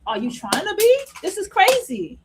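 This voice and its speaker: A woman's voice: very high-pitched, sing-song, noisy background. A woman hosting an unscripted opinion monologue, blunt and profane. She laughs at her own points and repeats phrases for emphasis. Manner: repeats phrases for emphasis, drawing words out slowly. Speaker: host.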